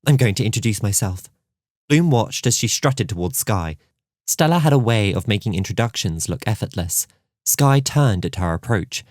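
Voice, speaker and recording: A man reads an audiobook in a calm, measured way. His voice sits on the low side, and the recording is close and dry with no room echo. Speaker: audiobook narrator. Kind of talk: scripted audiobook narration.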